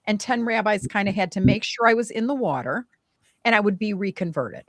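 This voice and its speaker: A young adult woman telling a painful personal story in conversation, emotional and animated, with many fillers. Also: mid-range voice, a little fast, no echo. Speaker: guest.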